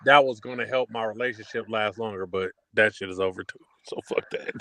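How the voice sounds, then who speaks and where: A man's voice: lowish voice, fairly quick, gravelly, sharp tone, no room sound. A man talking bluntly and jokingly in a profane, casual podcast chat. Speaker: podcast co-host.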